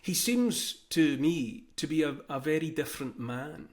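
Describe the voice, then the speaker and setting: A man's voice: fairly high pitch, animated, a little slow. A man from Britain hosting a political interview, asking reflective, searching questions. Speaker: host.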